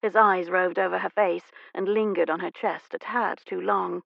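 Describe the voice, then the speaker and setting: A woman narrating a romance audiobook in a measured, even storytelling manner. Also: fairly low pitch, vocal fry, no room sound, highs cut off. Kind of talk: scripted narration.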